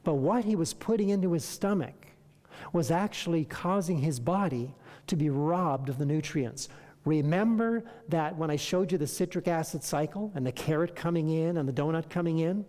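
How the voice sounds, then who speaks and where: A lecturer speaks to a room with a mellow, relaxed tone that carries a long hall reverb. The delivery is animated, full of rhetorical questions and acted-out exchanges with patients. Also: medium pitch, normal speed. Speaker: health lecturer. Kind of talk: lecture to an audience.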